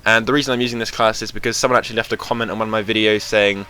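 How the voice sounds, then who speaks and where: A man's voice: fairly low pitch, little pitch movement, very fast, bright, forceful tone, smooth. A young man chatting casually over gameplay footage as host of his gaming channel, rambling with lots of fillers. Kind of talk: casual game commentary.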